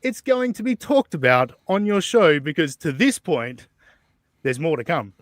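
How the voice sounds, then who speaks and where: A man's voice: a little high, very animated, unhurried, no echo, clean studio sound. A man hosting a podcast in casual chat, rambling and swearing freely, with lots of fillers and chuckles. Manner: rambling, profane and laughing, with many fillers. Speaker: podcast host. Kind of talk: casual chat, reading out messages.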